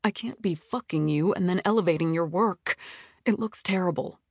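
A woman voicing a smooth, impatient male TV executive in an audiobook, patronizing and defensive. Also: fairly low pitch, moderate pace, dry recording, studio quality. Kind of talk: audiobook character reading.

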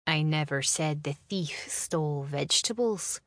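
Woman doing a sly laird, smug and teasing, low slow voice, dry audiobook sound. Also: lively intonation, husky, no echo, heavily acted. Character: smug teasing Highland laird, young man.

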